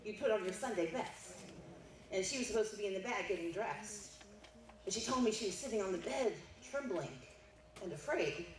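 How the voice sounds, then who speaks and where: In a banquet hall with echo, faint background noise and a mic picked up from afar, a middle-aged keynote speaker shares a family story and builds to forceful declarations. Her voice sits in the mid range and moves at a normal pace.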